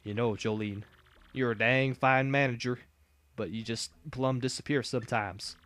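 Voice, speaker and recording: A man voicing a folksy male fight-club promoter with a put-on American Southern drawl, reading game dialogue in slow, drawn-out country talk. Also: medium pitch, steady tone, a bit bright, lightly acted.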